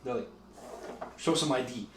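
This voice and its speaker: A man's voice: mid-range voice, normal speed, noisy background. A young man co-hosting a podcast, joking and telling stories in casual chat. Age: young adult. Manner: joking storyteller. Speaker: podcast co-host. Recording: echoey room, distant mic.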